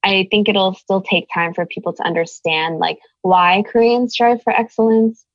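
A woman's voice: medium pitch, fairly even intonation, normal speed, no room sound, highs cut off. A woman raised in the United States, speaking as an interview guest in an earnest, thoughtful way, searching for her words. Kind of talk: reflective conversation.

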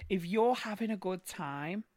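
A man's voice: high voice, animated, measured pace, darkish tone, dry recording. A man appearing as a drag performer guest on a podcast, chatting casually and often laughing while he talks.

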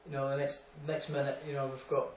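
A young Scottish boxer with a mid-range voice speaks briskly and flatly, far from the mic, in an echoey room with a faint hum. In a casual interview he tells rambling anecdotes packed with fillers and laughter.

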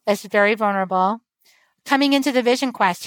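A woman with a slightly high voice speaks earnestly in a flowing, teacherly way on a podcast. The sound is dry and close, with no room around it. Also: fairly quick, no room sound, low-quality recording. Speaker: guest author and medicine woman. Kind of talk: casual podcast conversation.

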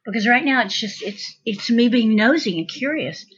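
A woman's voice: on the high side, lively intonation, moderate pace, fairly bright tone, slightly rough. A woman in casual conversation, chatty and rambling, often restarting her sentences. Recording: dull lo-fi sound.

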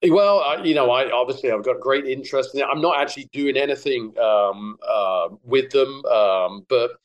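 A middle-aged man with an English accent, a golf broadcaster chatting as a podcast guest, telling relaxed stories with plenty of fillers. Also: mid-range voice, normal speed, rough recording. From England. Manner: relaxed storytelling with many fillers. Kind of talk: casual podcast chat.

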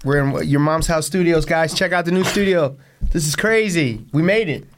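Excitable guy co-host, teasing, slightly high voice, bit of noise. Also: moderate pace. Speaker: podcast co-host. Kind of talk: casual chat.

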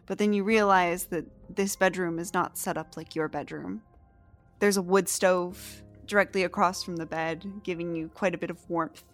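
A woman's voice: fairly low pitch, fairly even intonation, normal speed, soft background music. Playful woman narrating a tabletop game. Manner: descriptive, filler-heavy, playful. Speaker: game master.

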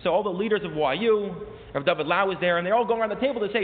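A man's voice: sits high, rapid-fire, hardly any pauses. A man preaching a sermon as a rabbi, impassioned, his voice rising sharply on repeated questions. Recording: tinny, echoey hall recording.

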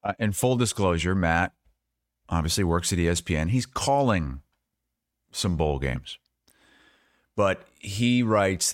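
Man from Iowa, low voice, dry close recording, teasing podcast co-host. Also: lively intonation, slow pace, long pauses, no echo. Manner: teasing, storytelling. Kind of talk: casual sports chat.

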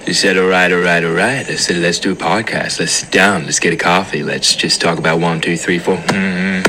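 A man doing a deep, booming intro announcer. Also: steady tone, normal speed, sharp tone, slight background noise. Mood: hyped.

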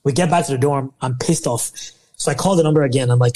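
Man, from Nigeria, young adult, podcast guest, animated storyteller, medium pitch. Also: a loud crowd, rough recording. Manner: animated, laughing storyteller with quick asides. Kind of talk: storytelling in a casual interview.

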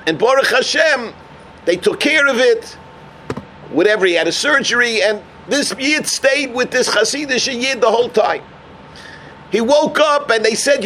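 A man delivering a sermon as a rabbi. He tells a story with Yiddish and Hebrew terms and builds to emphatic, near-shouted points. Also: very high-pitched, normal speed, a little hiss or hum. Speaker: rabbi giving a Torah talk.

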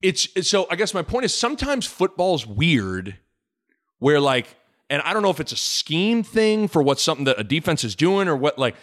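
A man hosting a sports talk show in a loose, joking way. His pitch moves around a lot as he talks, and he circles back over his own points with plenty of restarts. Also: normal speed. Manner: animated, rambling with restarts, jokey. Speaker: sports podcast host. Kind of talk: casual sports chat.

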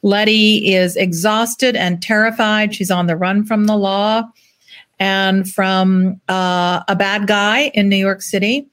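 A woman author chatting casually about her new novel, self-deprecating and relaxed. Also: medium pitch, takes it slowly. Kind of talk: casual chat.

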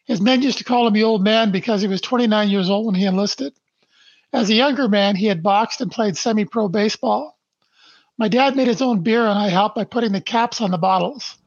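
Older man, slow and emphatic, dull lo-fi audio. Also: high voice, no room sound. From Canada. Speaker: podcast guest. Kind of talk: interview, reading his life story aloud.

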